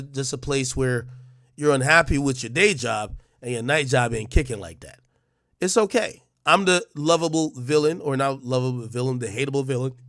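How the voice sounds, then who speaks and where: A man's voice: mid-range voice, fairly bright tone, no room sound, studio quality. A man hosting a livestream, delivering a brash, profane roast monologue full of mocking jabs and stammered restarts. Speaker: livestream host.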